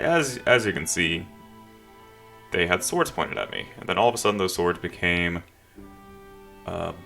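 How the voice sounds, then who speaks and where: A man's voice: sits low, gravelly, a bit bright. A man reading an improvised story game aloud, with dry, joking asides. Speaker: gamer narrating a text adventure.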